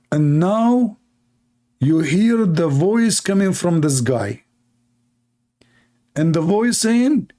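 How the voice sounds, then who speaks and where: Guy hosting a livestream, mocking and sarcastic, mellow low-key tone, broken english. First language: Arabic. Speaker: livestream host. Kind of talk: mocking live-stream commentary.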